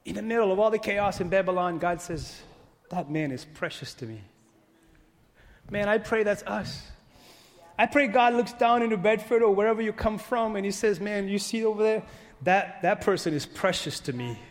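A man preaching a sermon as pastor, swinging from loud exhortation to hushed, earnest pleading. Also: high-pitched, normal speed, big-room sound. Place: church sanctuary.

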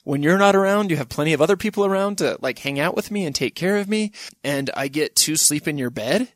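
A man's voice: fairly high pitch, expressive, fairly quick, no room sound, clean studio sound, pitched above the performer's own voice, close to an everyday voice. A man putting on a whiny pet dog voice. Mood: smug. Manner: whiny, pleading, casual slang. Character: naive loyal male pet dog. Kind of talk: comedic podcast bit.

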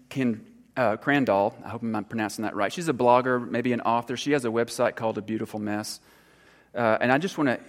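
A man, a church counselor giving an informal sermon talk, earnest and halting, full of fillers and restarts. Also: mid-range voice. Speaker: church counselor speaking to congregation. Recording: long hall reverb.

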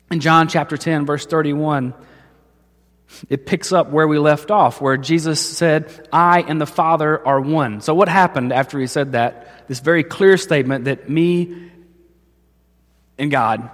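A man preaching a sermon as pastor, telling stories and acting out the voices of the people in them. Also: fairly high pitch. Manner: storytelling, acts out voices in quotes. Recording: long hall reverb.

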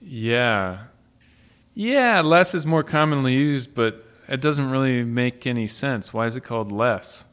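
A man in casual conversation, asking curious questions and making playful jokes about software. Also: medium pitch, lively intonation, unhurried, clean tone. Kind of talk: casual tech chat.

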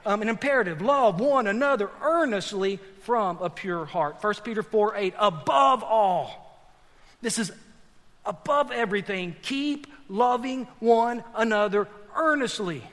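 A male pastor, preaching a sermon that moves between quiet, slow lines and loud, emphatic shouts. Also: sits high, animated. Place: large church hall. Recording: long hall reverb.

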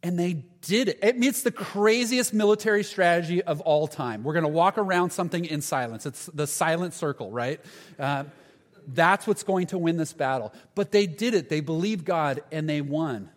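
A man preaching a conversational sermon as pastor, acting out the voices in Bible stories. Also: a little high. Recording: long reverb of a large hall.

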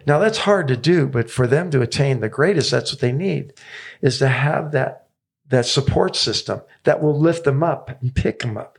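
A man's voice: medium pitch, lively intonation, moderate pace, creaky, breathy edge. A man in his seventies, a tennis coach telling stories as a podcast guest, enthusiastic and repeating phrases for emphasis. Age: 70s.

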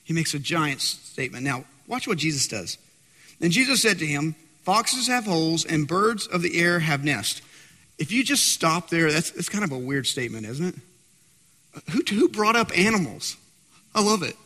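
A man preaching a sermon, dramatic and swinging from loud to hushed. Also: a little high, very animated, normal speed, long reverb tail. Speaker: pastor.

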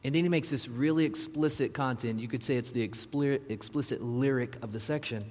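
Husky-voiced man preaching in a reverberant hall. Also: mid-range voice, a little fast, few pauses, a little mellow. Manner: conversational preaching with asides to the audience. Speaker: pastor. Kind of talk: sermon. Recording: long reverb of a large hall.

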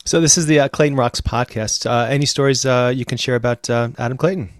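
A man co-hosting a podcast. He asks questions in a relaxed way and gives short encouragements. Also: mid-range voice, quick pace, no echo, clean studio sound. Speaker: podcast co-host. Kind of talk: casual interview.

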